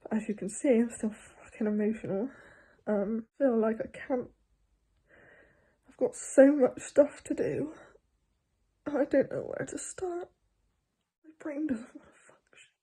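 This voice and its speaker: A young woman with a sore throat talking candidly into her video diary, halting and often hushed. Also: fairly high pitch, breathy edge. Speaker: vlogger.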